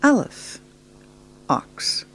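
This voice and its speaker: She draws out her words in a somewhat bright voice while patiently narrating slides for a beginners' Hebrew class. The female teacher addresses the viewer directly and keeps things encouraging.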